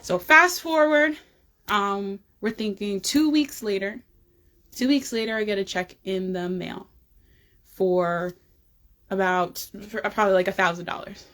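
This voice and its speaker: A woman's voice: mid-range voice, measured pace. A woman hosting a wellness check-in, casually telling the story of a dream, with lots of "um" and "you know". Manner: chatty, frequent "um" and "you know", animated retelling.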